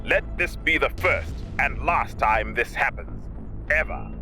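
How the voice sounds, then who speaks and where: A man's voice: mid-range voice, lively intonation, a little slow, bright, forceful tone, soft background music, heavily acted. A man playing a stern human starship commander delivering a solemn, accusing speech. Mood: grim. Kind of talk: animated audio drama.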